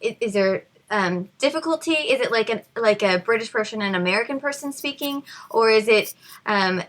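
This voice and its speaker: A woman's voice: a little high, lively intonation, normal speed, a bit bright. A woman hosting a podcast who asks curious, somewhat hesitant questions. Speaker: podcast host. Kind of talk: casual podcast interview.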